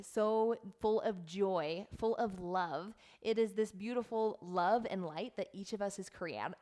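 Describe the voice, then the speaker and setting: Middle-aged woman coach, earnest and heartfelt, unhurried and soft, repeats words for emphasis, speaking to camera. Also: mid-range voice. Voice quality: earnest and heartfelt, close to tears at times. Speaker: life coach. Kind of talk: reflective talk to camera.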